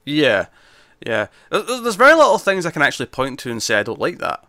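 A man talks through a film in relaxed conversation, stumbling and restarting as he goes. His voice is bright and forward, recorded close and dry with no room around it. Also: a little high, fast talker, no room sound. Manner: hesitant, with frequent restarts and fillers. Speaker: film reviewer. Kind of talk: casual film discussion.

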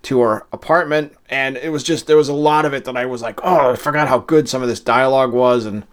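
A man's voice: medium pitch, fast talker. Man from Massachusetts, podcast co-host; casual, rambling delivery with restarts. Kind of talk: casual chat.

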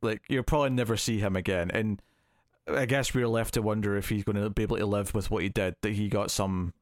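A man's voice: on the low side, steady tone, fairly quick, no room sound, studio quality. A man co-hosting a podcast, chatting casually and hesitantly about a film he reviews. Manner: rambling, hesitant, restarts often. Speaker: podcast co-host.

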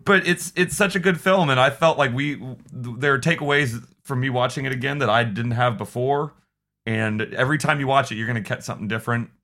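A man's voice: mid-range voice, a little fast, sharp tone. A man co-hosting a podcast, chatting casually and enthusiastically about a horror film, swearing and laughing often. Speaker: podcast co-host.

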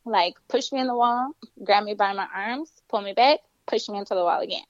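A woman's voice: medium pitch, a little fast, dry recording, muffled recording. Young woman telling a story. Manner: animated, acts out quoted voices. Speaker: guest telling her story. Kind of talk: casual storytelling.

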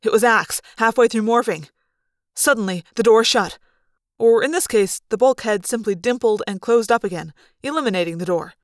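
A woman's voice: on the high side, normal speed, dry recording. Woman reading a story aloud, dry close voice. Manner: expressive first-person storytelling. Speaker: audiobook reader. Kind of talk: fan read-aloud narration.

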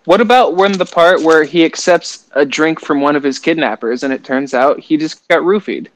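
A man's voice: on the high side, moderate pace, a little hiss or hum, rough recording. A man in a casual book club chat who laughs often and makes dry jokes.

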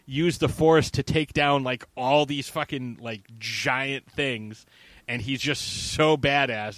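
A man hosting a casual chat, rambling and swearing as he recaps a film. He acts out characters in quick bursts. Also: fairly bright tone, no room sound. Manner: rambling, profane, acts out characters with big pitch jumps. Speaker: podcast host.

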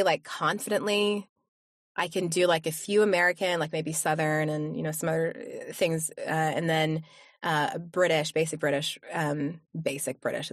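A woman's voice: low voice, no echo, studio quality. A woman voice coach, a podcast guest, talking casually with many fillers and restarts. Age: adult with young kids. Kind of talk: casual interview chat.

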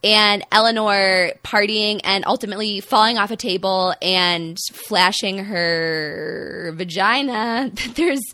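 A young woman from the American Midwest with a Midwestern accent, co-hosting a casual podcast in a chatty, self-deprecating, animated way. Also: mid-range voice, slow pace, dry recording. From Midwestern United States. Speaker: podcast co-host.

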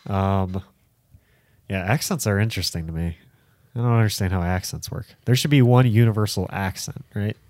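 A man's voice: on the low side, normal speed, a little mellow, no room sound, studio quality. A man co-hosting a podcast, rambling in casual chat with lots of filler words. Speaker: podcast co-host.

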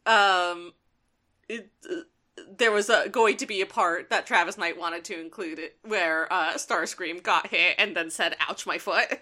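A woman with a bright, sharp voice co-hosting a casual podcast. She talks like an eager fan, full of "um" and "like.". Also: on the low side, unhurried. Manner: enthusiastic, filler-heavy fan talk. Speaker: podcast co-host. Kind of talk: casual chat.

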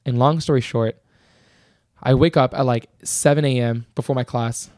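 A young man rattles through a story on a casual podcast, piling up fillers and restarts. His pitch sits in an ordinary middle range, and the sound is dry and close. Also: normal speed, no echo. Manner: rambling, animated storyteller full of fillers. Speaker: podcast co-host.

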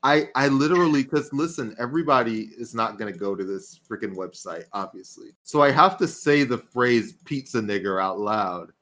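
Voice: mid-range voice, normal speed, hardly any pauses. Podcast cohost joking around, voice jumps all over, casual chat. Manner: animated, joking. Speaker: podcast co-host.

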